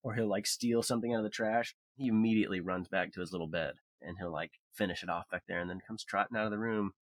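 A man co-hosting a casual conversation podcast, telling wry, joking anecdotes in a lively storytelling way. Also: fairly low pitch, fast. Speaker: podcast co-host.

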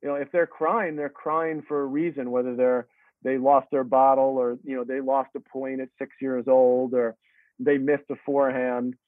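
In an interview, a middle-aged man who coaches tennis reflects earnestly on his answers, often starting over mid-sentence. He speaks at normal speed with a medium pitch and level tone, and the recording is dry and tinny, like a phone line.

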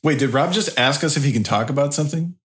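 A man's voice: fairly high pitch, fairly bright tone. A man co-hosting a comedy podcast, quipping wryly in casual banter. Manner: wry, quick-quipping. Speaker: podcast co-host.

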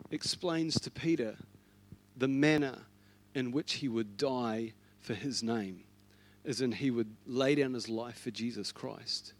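A man giving a sermon as pastor, acting out the dialogue of the story in his own voice and building from soft, low passages to loud, impassioned ones.

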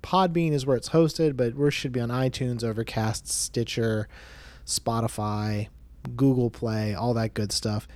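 A man's voice: mid-range voice, measured pace, darkish tone. A man narrating a tabletop game as dungeon master, laid-back and casually swearing.

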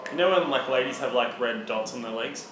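A man's voice: mid-range voice, fairly quick, roomy sound, noisy background. A young Australian man hosting a podcast, telling rambling stories and swearing freely. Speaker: podcast co-host. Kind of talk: casual chat.

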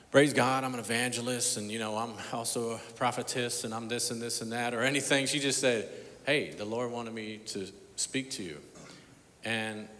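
A man preaching a sermon as pastor, telling a story, dropping to a hush and then rising loud and emphatic. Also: mid-range voice. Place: church sanctuary. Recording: long hall reverb.

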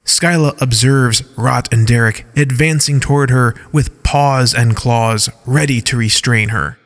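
A man narrating a scripted audio story in a measured way, reading scene headings and stage directions aloud. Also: mid-range voice, a bit bright, long reverb tail.

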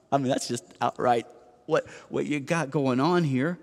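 A man's voice: medium pitch, takes it slowly, a little mellow. A man preaching a sermon as pastor, in a conversational, self-deprecating way with rhetorical questions. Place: church sanctuary. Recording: long church hall reverb.

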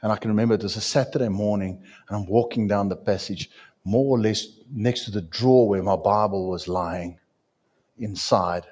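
A man preaching a sermon as a pastor, with dramatic swings in pitch and loudness. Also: moderate pace.

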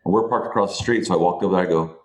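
Deep-voiced man telling a story. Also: rapid-fire. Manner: animated, profane, laughing as he tells a story. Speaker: guest, entrepreneur. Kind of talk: casual storytelling.

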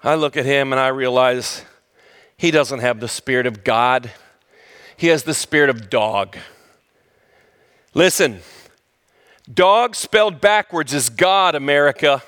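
A man's voice: mid-range voice, a little slow, pauses often, a bit bright, clear, resonant tone. A middle-aged male pastor telling a funny story in his sermon, dramatic and self-mocking.

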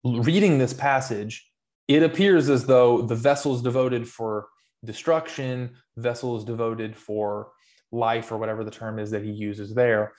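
Co-host, male, mid-pitched: earnest long-winded explainer in casual discussion. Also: fairly even intonation, a little slow, darkish tone. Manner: earnest, rambling explanations with restarts. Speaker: podcast co-host.

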